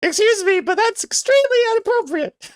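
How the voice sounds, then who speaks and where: A man doing a shrill, squeaky prim lady. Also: expressive, fairly quick, no room sound, studio quality. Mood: indignant. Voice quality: squeaky falsetto. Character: shrill prim young woman, easily offended.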